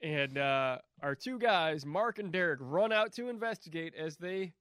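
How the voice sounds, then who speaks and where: High, animated man telling crude jokes. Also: normal speed, smooth, dry recording, studio quality. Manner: profane, wisecracking, storytelling. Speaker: podcast co-host. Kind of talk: crude casual banter recapping a film.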